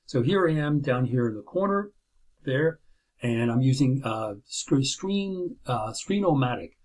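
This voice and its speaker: A man's voice: mid-range voice, animated, measured pace, darkish tone. A middle-aged man, an instructor, gives a recorded video lecture from his chair at home, talking casually with many fillers and "right?" checks. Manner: conversational, many fillers and restarts, tag questions. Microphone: laptop built-in camera and microphone.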